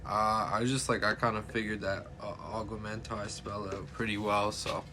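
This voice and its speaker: A man's voice: on the low side, little pitch movement, moderate pace, sharp tone. A man playing in a tabletop role-playing game, speaking hesitantly and trailing off. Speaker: player. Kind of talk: casual in-character play.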